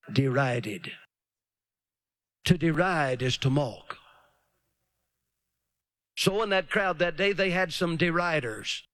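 A man's voice: high-pitched, sharp tone, no room sound. A man preaching a dramatic sermon, often mocking others in put-on voices.

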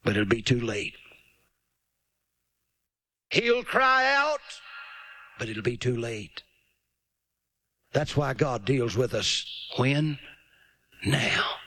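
A man's voice: medium pitch, slow pace, dry recording. A man preaching a dramatic sermon, often mocking others in put-on voices.

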